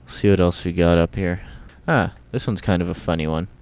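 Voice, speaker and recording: A man's voice: low voice, a little fast, dry recording. A man casually demonstrating computer sound samples on an old home video, talking in offhand, rambling asides that trail off. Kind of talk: casual demo commentary. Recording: old home video with loud music behind.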